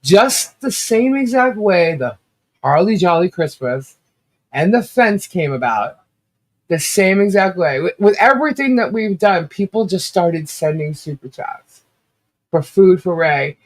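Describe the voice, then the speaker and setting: A woman co-hosting a casual livestream chat, rambling and laughing often, with a slight cough and a rough throat. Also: on the low side, expressive, measured pace. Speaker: livestream co-host.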